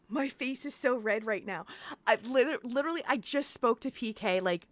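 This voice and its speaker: A woman hosting a live-stream interview, excitable and gushing, swearing freely. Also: on the high side, moderate pace, dry recording. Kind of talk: casual live-stream chat.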